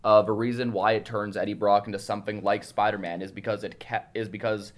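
A man's voice: fairly low pitch, level tone, quick pace. A man on a podcast giving opinionated, explanatory views about films and comics. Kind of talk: casual film chat.

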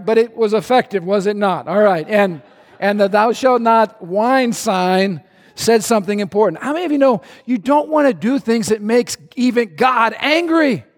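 A male pastor preaching a sermon in a church, animated and conversational with a humorous streak. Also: high voice, long reverb tail.

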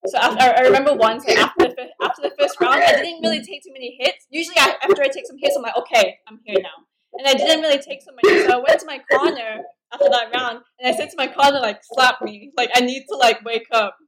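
Woman podcast host, high voice, relaxed chat, crowd murmur behind. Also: very fast, few pauses, far from the mic, poor audio. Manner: relaxed, conversational, with fillers. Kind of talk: casual interview chat.

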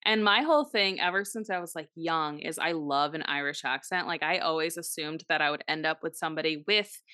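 A young woman co-hosts a casual podcast chat, telling frank and crude stories. Her voice is bright and a little forceful. The sound is close and dry. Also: low voice, brisk, dry recording. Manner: candid, crude storytelling with laughs. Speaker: podcast co-host.

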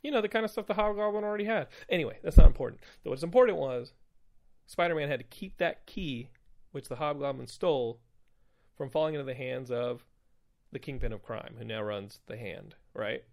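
A man's voice: medium pitch, brisk, gravelly, a little mellow. A man hosting a podcast, recapping comic books in a loose, rambling, profane way full of fillers. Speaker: podcast host. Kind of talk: casual comic book recap.

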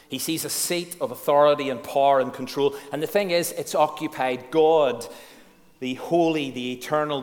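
A man preaching a sermon, earnest and frank, who asks his congregation questions and leans on key words. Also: medium pitch. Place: church hall. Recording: echoey church hall.

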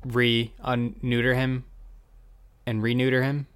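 A man's voice: medium pitch, little pitch movement, a bit bright, clean tone. A man casually recapping a TV episode with wry jokes, quoting the lines as he goes. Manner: wry, chatty, jumps into quick quoted voices. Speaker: podcast host recapping a TV episode.

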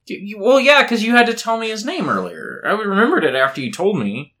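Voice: medium pitch, sing-song, a little fast, sharp tone. A podcast co-host teasing and laughing in a casual chat with a tipsy partner. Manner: teasing, laughs often, exasperated.

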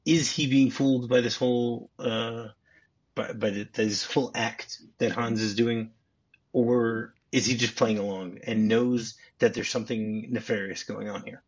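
A male podcast host with a husky voice talks through a movie scene in a relaxed way. He chuckles often and repeats words as he goes. The recording is a bit muffled and lo-fi. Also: mid-range voice, measured pace. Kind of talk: casual movie discussion.

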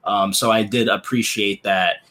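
A man co-hosting a casual podcast chat, talking in an animated, emphatic and colloquial way. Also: on the low side, a little slow. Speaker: podcast co-host.

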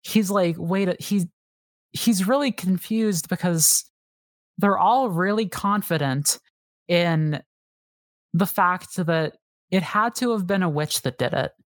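A woman on a podcast talks casually and eagerly, piling on fillers and restarting her sentences. Her voice sits a little low. The sound is dry and close to the mic. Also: takes it slowly, pauses often, no room sound. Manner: enthusiastic, rambling with many fillers and restarts. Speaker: podcast guest. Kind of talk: casual chat.

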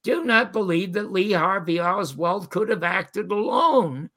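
An older man telling animated stories as a guest, quoting the people in them. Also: high-pitched, measured pace. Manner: animated storyteller quoting others. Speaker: guest storyteller. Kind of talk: casual interview anecdotes.

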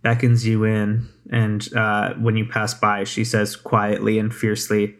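Gm guy narrating the scene, pretty monotone, lots of ums. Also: fairly low pitch, unhurried, hardly any pauses. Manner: relaxed narration with many fillers. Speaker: game master. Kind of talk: narrating a tabletop game.

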